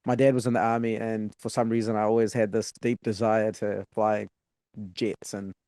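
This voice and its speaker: A man hosting a podcast, asking questions in a relaxed, conversational way with some fillers. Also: on the low side, normal speed, no room sound, studio quality. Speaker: podcast host. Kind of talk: casual interview.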